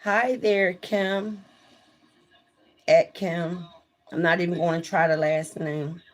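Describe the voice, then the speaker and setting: A woman's voice: fairly low pitch, steady tone, takes it slowly. Candid swearing woman chatting on a livestream. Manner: candid, swears freely, reads out viewer comments. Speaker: livestream host. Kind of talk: casual livestream chat.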